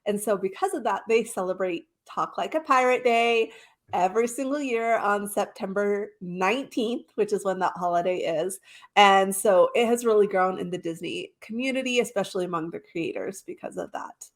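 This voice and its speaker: A woman's voice: mid-range voice, normal speed. Woman, podcast co-host, casual chat, eager, easygoing explanations. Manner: eager, explains in easy detail.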